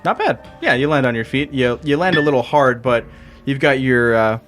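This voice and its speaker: A man's voice: medium pitch, expressive, moderate pace, a bit bright. A man running a tabletop game as game master, casual and swearing freely. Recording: podcast with background music.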